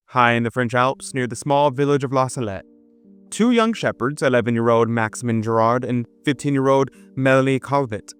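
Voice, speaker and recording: A man's voice: medium pitch, smooth. A man hosting a video in earnest, dramatic scripted narration. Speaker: video host.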